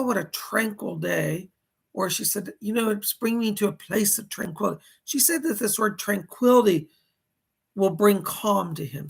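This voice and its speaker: A male psychic medium on a live stream, reading out viewer donations and questions and relaying spirit messages with lots of "he said". He sounds hoarse and coughs now and then. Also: sits high, a bit bright.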